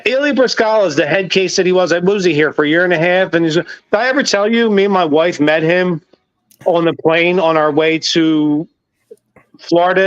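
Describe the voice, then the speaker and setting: A man's voice: fairly high pitch, smooth, no echo. A man co-hosting a sports talk show, swearing and ranting emphatically about his teams. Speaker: podcast co-host. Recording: dull dry lo-fi sound.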